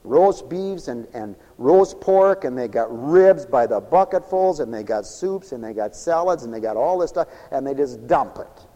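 A man preaching a sermon, telling stories and acting out the lines of the people in them, dropping to a hush and then building to fervent cries. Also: medium pitch, animated, moderate pace, hardly any pauses. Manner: storytelling with acted-out quoted dialogue, swinging from hushed to fervent cries. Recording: long echoey hall reverb.

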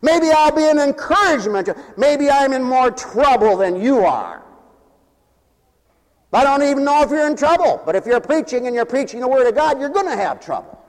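An impassioned male preacher with a strikingly high voice, calling out to his congregation. He speaks in a church where a long reverb trails after each phrase of his sermon. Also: sing-song, normal speed. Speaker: pastor. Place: church sanctuary. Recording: long reverb of a large hall.

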